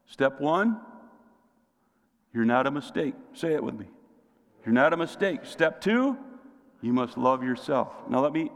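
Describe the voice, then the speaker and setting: In a church sanctuary with the long reverb of a large hall, a man with a gravelly, medium-pitched voice preaches as pastor. He poses questions to the congregation and calls for their responses.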